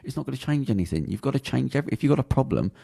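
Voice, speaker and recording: A man's voice: medium pitch, big pitch swings, very fast, vocal fry, dark tone, slightly rough. A man with a British accent, talking bluntly and swearing a lot as he rambles through a casual podcast chat. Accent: British English. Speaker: podcast host.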